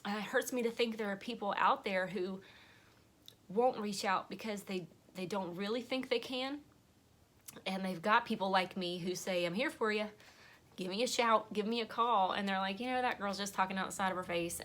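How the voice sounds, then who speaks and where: A woman's voice: mid-range voice, moderate pace, a bit bright. Tearful woman talking earnestly. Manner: earnest, rambling, emotional. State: crying. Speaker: vlogger and podcast host. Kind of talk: heartfelt personal monologue.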